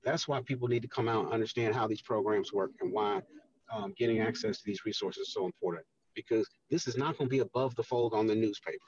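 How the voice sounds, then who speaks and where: A man speaking as a guest on a radio show, explaining earnestly with many pauses and fillers. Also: lowish voice, recorded from a distance, muffled recording. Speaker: guest, housing redevelopment official. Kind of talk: radio interview talk.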